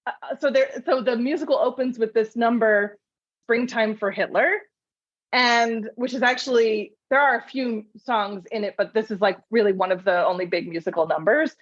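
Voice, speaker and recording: A woman podcast host in casual chat, telling film trivia in a lively storytelling way with frequent laughs. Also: a little high, moderate pace, dry recording, lo-fi sound.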